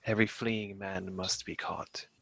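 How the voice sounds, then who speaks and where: A man voicing a menacing armored warrior, speaking slowly in a deep whisper. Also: flat delivery, gravelly, a bit bright, husky, full character voice. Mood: ominous. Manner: slow, solemn pronouncements. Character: menacing armored male warrior, cold and ominous.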